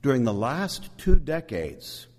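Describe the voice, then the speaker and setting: A man preaching a sermon, animated and emphatic, with asides to the congregation. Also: mid-range voice, takes it slowly, in a large hall. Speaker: pastor.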